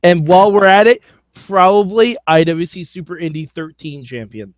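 A man's voice: sits high, moderate pace, no echo, studio quality. A man co-hosting a casual podcast chat over a phone line, sarcastic and wisecracking. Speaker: podcast co-host.

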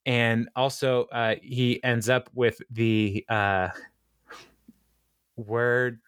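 A man's voice: medium pitch, little pitch movement, extremely slow, fairly bright tone, smooth, no room sound, studio quality. A man co-hosting a podcast in casual chat, joking and slipping into mock speeches. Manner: playful, jokey, with mock speeches. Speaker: podcast co-host.

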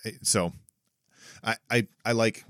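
A man's voice: lowish voice, steady tone, slow pace, fairly bright tone, dry recording, studio quality. A man co-hosting a podcast who explains his ideas at length in a thoughtful way, often restarting his sentences. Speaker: podcast co-host; parent. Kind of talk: casual chat.

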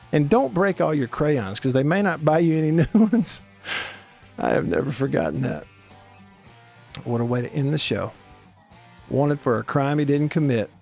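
A man hosting a radio show, telling stories in a folksy, animated way and laughing often. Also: on the high side, moderate pace, gravelly, long pauses, soft background music. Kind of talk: casual radio talk and storytelling.

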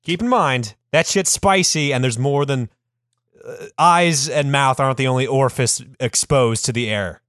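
A man's voice: medium pitch, moderate pace, a bit bright, no room sound, studio quality. A young man on a comedy podcast, chiming in with wry, teasing remarks. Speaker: podcast co-host. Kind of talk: casual comedic banter.

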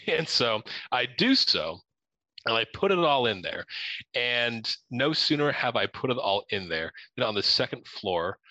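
Young guy from ohio, bright crisp voice, dry close sound, acts out his lines and laughs a lot. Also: medium pitch, big pitch swings, measured pace, no echo, rough recording. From Ohio, USA. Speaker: storyteller. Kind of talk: animated storytelling.

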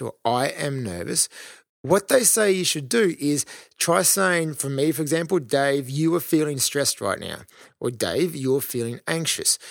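Male solo podcast host, gravelly tone, dry studio sound, encouraging delivery with ums. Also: on the high side, dry recording. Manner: earnest, encouraging, many ums and restarts.

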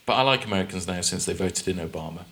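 A man's voice: deep voice, rapid-fire, creaky, a bit bright. A British man co-hosting a podcast, chatting casually and teasing his co-host with jokes. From Britain. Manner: joking, teasing banter. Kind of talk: casual chat.

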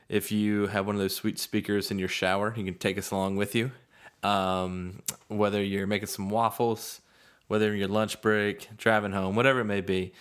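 A man's voice: fairly low pitch, fairly bright tone, smooth. A man in his thirties hosting a casual podcast, easygoing and rambling, poking fun at himself. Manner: easygoing, rambling, self-deprecating. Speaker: podcast host.

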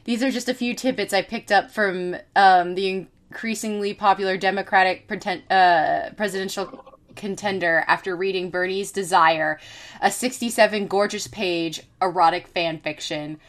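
A woman's voice: medium pitch, steady tone, normal speed. A woman podcast host reading an article aloud in a casual way, with many ums and self-corrections.

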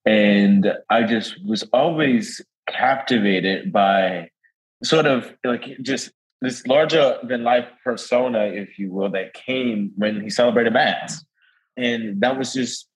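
A man's voice: mid-range voice, rough recording. A young man with a New Orleans accent, a guest priest chatting in an interview and telling stories with frequent laughter. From New Orleans, Louisiana. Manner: warm storytelling, laughs often, animated quoting. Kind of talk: casual interview chat.

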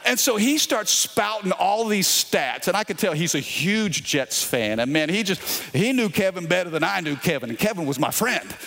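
A middle-aged pastor with a Louisiana accent preaching in a fairly high voice. He tells a personal story with repeated words and keeps calling out to the congregation. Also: expressive, normal speed, vocal fry, few pauses, a bit bright. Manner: storytelling with repetitions and crowd call-outs. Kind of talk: sermon.

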